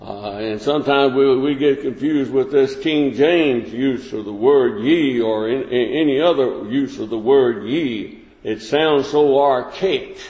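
Folksy man teaching in an echoey church hall. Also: medium pitch. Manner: plain-spoken, folksy, with many restarts. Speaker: Bible class teacher. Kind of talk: informal Bible lesson. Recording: echoey hall, dull lo-fi sound.

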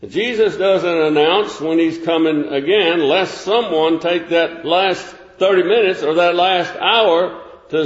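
An older man delivers a sermon in a slightly high voice, talking it through plainly and then pressing key points with emphasis. His voice rings through a reverberant hall, and the recording sounds a little dull and muffled. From United States. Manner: measured, conversational preaching with emphatic rises. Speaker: preacher.

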